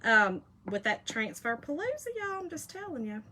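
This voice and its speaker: A woman's voice: fairly high pitch, sing-song, normal speed, sharp tone, slight background noise. A woman, hosting a casual craft live stream, chatty and folksy, teasing her viewers. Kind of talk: casual crafting demo chat.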